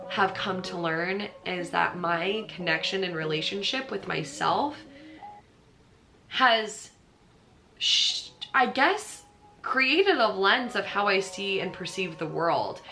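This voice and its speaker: Bright-voiced chatty young American woman. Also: on the low side, lively intonation, measured pace, soft background music. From United States. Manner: chatty, earnest, emotional, lots of "like". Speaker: yoga teacher. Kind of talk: personal vlog storytelling.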